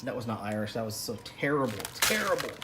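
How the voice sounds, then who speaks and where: A middle-aged man casually vlogging as he cooks in a home kitchen and gently coaches his young daughter with a knife, chatty and jokey. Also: fairly low pitch, fairly even intonation, fast talker, very noisy. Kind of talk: casual cooking ASMR vlog. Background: music and kitchen clatter of knives and pots.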